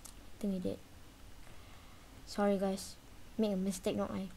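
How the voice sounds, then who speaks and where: A woman giving lively commentary while playing a video game, taunting the chaser and yelping when it gets close. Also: mid-range voice, normal speed, a little hiss or hum. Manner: animated, talks trash to the game's chaser, sudden yelps and shrieks. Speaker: gaming video creator. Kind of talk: live gameplay commentary.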